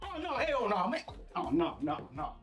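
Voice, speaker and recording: A man's voice: sits high, wildly swooping pitch, normal speed, over music. An actor playing a brash young man who trash-talks his friend with crude street slang in a sitcom. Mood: angry. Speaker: sitcom character. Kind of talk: sitcom acting.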